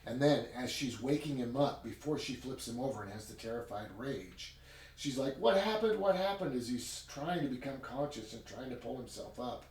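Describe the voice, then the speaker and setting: A man reviewing a book in a casual chat, retelling it in an animated way with chatty asides. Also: mid-range voice, normal speed. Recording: roomy sound from a distant mic with faint ambience.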